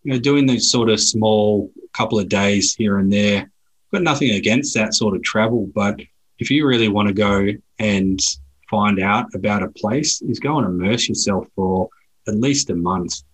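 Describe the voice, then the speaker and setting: An Australian man talking as a guest, telling travel stories in a relaxed way with frequent restarts. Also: on the low side, moderate pace, slightly rough, poor audio. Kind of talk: casual conversation.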